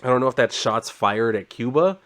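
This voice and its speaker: A man's voice: mid-range voice, lively intonation, fairly quick, fairly bright tone. A man casually recapping a comic book, chatty and sarcastic, swearing now and then.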